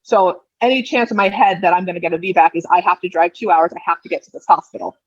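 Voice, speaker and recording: A woman in her thirties, a podcast guest telling her birth story casually, with lively delivery and quick repeated words. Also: fairly low pitch, no echo. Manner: animated, repeats words when rushing, acts out quoted dialogue. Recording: dull lo-fi dry sound.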